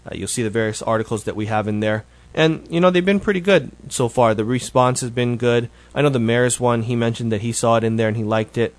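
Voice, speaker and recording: A man's voice: mid-range voice, brisk, few pauses, dry recording. Chatty man hosting a show, dry sound. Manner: rambling, conversational, with frequent self-corrections. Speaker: show host. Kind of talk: casual solo update.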